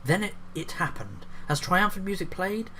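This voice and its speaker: A man's voice: high voice, big pitch swings, moderate pace, very noisy. A man reading an article aloud and breaking off into sarcastic, profane commentary. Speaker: YouTube commentator.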